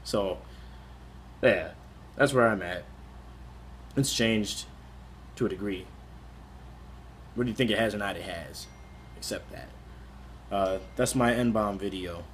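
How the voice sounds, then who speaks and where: A man's voice: lowish voice, slow, pauses often, slight background noise. A young man in his twenties talking casually to camera in a vlog, candid and rambling, with many restarts. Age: 20s. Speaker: vlogger.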